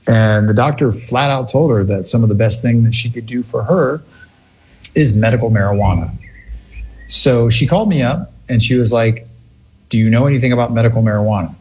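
A man telling a funny family story in a casual, animated way, laughing often. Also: lowish voice.

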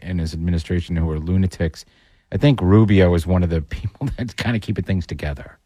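A man's voice: low-pitched, fast talker, warm tone, breathy edge, no room sound. A man hosting a radio talk show, chatting casually and bluntly about politics. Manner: blunt, opinionated, wisecracking.

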